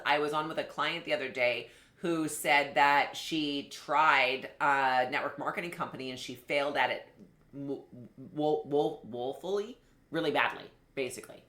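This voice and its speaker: Woman business coach, low and bright voice, lively and conversational, roomy sound. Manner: animated, conversational, addresses viewers directly. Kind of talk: live online masterclass teaching.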